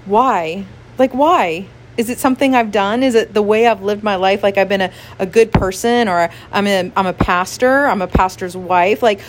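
A woman speaking as a pastor's wife in a relaxed devotional talk. Her voice sits at an ordinary middle pitch. She talks earnestly and with feeling, laughs often and leans on "like" as she speaks. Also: a little hiss or hum. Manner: emotional, earnest, frequent laughs and "like" fillers.

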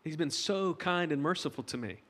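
A man's voice: a little high, lively intonation, a little fast, fairly bright tone. A middle-aged man preaching a conversational sermon to his congregation, joking with them as he goes. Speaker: pastor. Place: church hall. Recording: long hall reverb.

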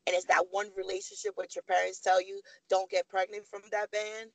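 A woman in her thirties with a gravelly edge, telling her own story with animated energy. She slips into the voices of the people she quotes. The sound is close and dry, with no room around it. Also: medium pitch, fairly quick, no echo, poor audio. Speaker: podcast guest. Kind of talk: candid storytelling.

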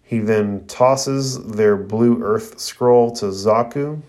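Man, casual recap of a cartoon episode for a review show, lowish voice. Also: drawn-out words, a little mellow. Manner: casual, retelling with fillers. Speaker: anime reviewer.

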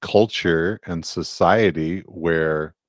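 Very deep-voiced man chatting casually. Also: slow, no echo, clean studio sound. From California. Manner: relaxed, rambling, filler-heavy. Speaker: podcast co-host. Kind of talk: casual chat.

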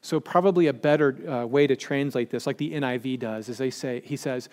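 A man's voice: medium pitch, brisk, hardly any pauses, a little mellow. A man preaching a sermon to a live congregation in a conversational style, speaking directly to his listeners. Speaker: pastor.

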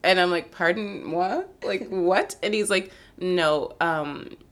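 A woman's voice: mid-range voice, measured pace. A woman in her thirties from Canada, a comedian telling a self-mocking story in casual chat and acting out the people she quotes. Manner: animated, self-mocking, acts out quoted voices. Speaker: comedian guest.

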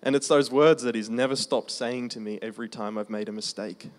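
A man's voice: medium pitch, steady tone. Man preaching a personal testimony. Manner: conversational storytelling, slowing for emphasis. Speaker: preacher sharing his testimony. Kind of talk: testimony sermon.

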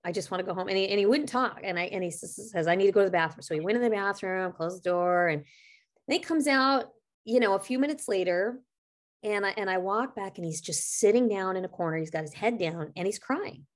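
A woman's voice: medium pitch, brisk. A middle-aged woman co-hosting a podcast, telling a personal story in an earnest, reflective, conversational way. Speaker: podcast co-host.

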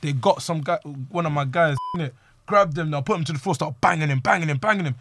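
A man's voice: a little high, fast talker, fairly bright tone. A young man, animatedly telling a street story to friends and acting out the quotes. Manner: slangy, acts out quoted lines.

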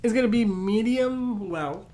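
A man's voice: sits high, a little slow, mellow. A young man co-hosting a podcast, chatting casually and easygoing. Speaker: podcast co-host. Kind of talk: casual chat.

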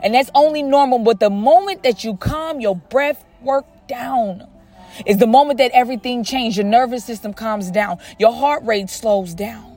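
Woman podcast host, emphatic repeating pep talk, higher voice, light music under it. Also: moderate pace, darkish tone. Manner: emphatic, repeats phrases, addresses listener as friend. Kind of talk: motivational monologue.

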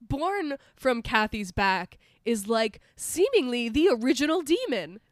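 A woman co-hosting a podcast in casual chat, animated and swearing freely as she acts out movie characters. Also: on the high side, measured pace, dry recording, studio quality. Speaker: podcast co-host.

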